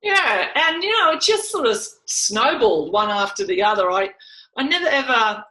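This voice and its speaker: An Australian woman in her fifties, a former athlete telling stories in a podcast interview, lively and laughing often as she acts out old conversations. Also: fairly high pitch, moderate pace, low-quality recording. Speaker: guest, former netball player.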